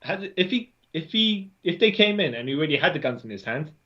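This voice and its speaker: A man's voice: on the high side, very animated, fast, pushed and bright, lo-fi sound. A man chatting casually as a podcast co-host, recapping a comic and acting out the characters' lines.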